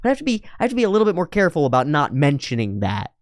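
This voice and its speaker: A man's voice: fairly high pitch, racing, dry recording. Guy doing anime reaction commentary, curses a lot, voice jumps all over, dry room. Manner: profane, animated, acts out characters' lines in mocking voices. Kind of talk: casual commentary.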